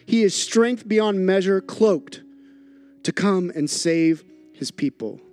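High-voiced preacher telling a story. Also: male voice, takes it slowly, faint music behind. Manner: animated storytelling, repeats phrases for emphasis. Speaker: pastor. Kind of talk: sermon.

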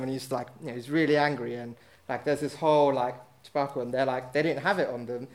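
A man's voice: fairly high pitch, fairly quick. A man telling a casual anecdote on stage, rambling with lots of fillers and poking fun at himself. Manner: rambling, filler-heavy, self-mocking. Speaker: storyteller at a live event.

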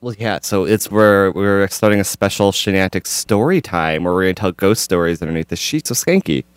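A man hosting a casual podcast, playful and teasing with quick asides. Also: low voice, smooth, dry recording. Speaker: podcast host. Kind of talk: casual chat.

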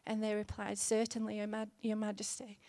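A woman in her thirties preaching a sermon in an earnest, gently conversational way, with fillers here and there. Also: medium pitch, monotone, a little fast, no echo.

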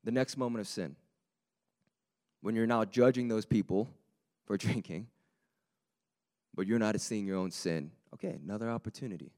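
A man preaching a sermon with a slightly raspy voice, talking in a lively, conversational way that builds to emphatic peaks. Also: fairly low pitch, moderate pace, pauses often.

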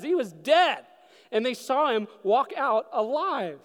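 Pastor, man, high voice, preaching, urgent then hushed, long hall reverb. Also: sing-song, slow. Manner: swings from loud urgent questions to hushed solemn low passages. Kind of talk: sermon.

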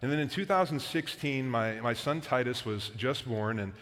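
A man's voice: medium pitch, moderate pace, fairly bright tone. A man in his thirties, a pastor preaching a sermon in a casual storytelling way with frequent fillers. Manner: conversational, storytelling with filler words. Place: church auditorium. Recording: long hall reverb.

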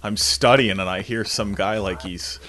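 Speaking at a moderate pace in a lowish voice, a young storyteller chats casually. He's animated and mimics the voices of the people in his tales.

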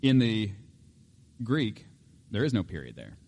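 Animated preaching man, joking. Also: on the low side, unhurried. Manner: animated, joking, acts out voices, laughs often. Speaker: pastor. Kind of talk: sermon.

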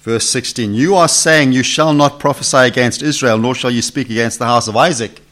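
Speaking fairly quickly with a mid-range, fairly bright voice, a man teaches Bible study to a live group in a meeting room. He's conversational as a preacher, asking questions and voicing the characters in the passage.

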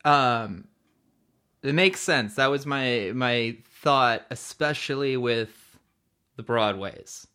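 A man hosting a casual podcast chat, relaxed, asking short questions. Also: medium pitch, slow pace, smooth. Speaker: podcast host.

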